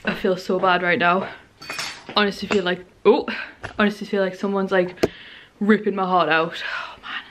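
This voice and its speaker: A woman's voice: medium pitch, fairly even intonation, normal speed, long pauses, over music. A young woman chatting casually to camera in a vlog, rambling with fillers, her voice a little worn. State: slightly losing her voice. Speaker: vlogger.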